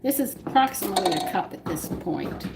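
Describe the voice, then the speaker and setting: A woman's voice: mid-range voice, expressive, a little fast, noisy background. A woman hosting a live cooking demonstration from her home kitchen, chatting to viewers as she works dough by hand. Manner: chatty, explains steps while working dough by hand. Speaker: home cooking show host.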